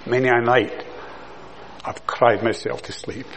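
A man preaching a sermon in an earnest way, building to loud, passionate emphasis and then dropping soft. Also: mid-range voice, fairly even intonation, unhurried, gravelly, a little hiss or hum, poor audio.

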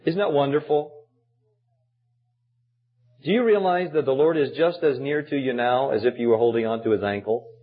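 A man's voice: mid-range voice, normal speed, pauses often. A man preaching a sermon as pastor, telling the story with emphatic, dramatic delivery. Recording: dull lo-fi sermon recording.

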